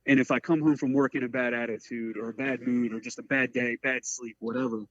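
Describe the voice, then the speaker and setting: A man in his forties from the Eastern Shore of Maryland, a career firefighter telling a personal story in an earnest, halting way full of "like" fillers. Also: medium pitch, steady tone, fairly bright tone, dry recording. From Eastern Shore of Maryland, USA. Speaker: career firefighter, podcast guest. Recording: dry, slightly muffled audio.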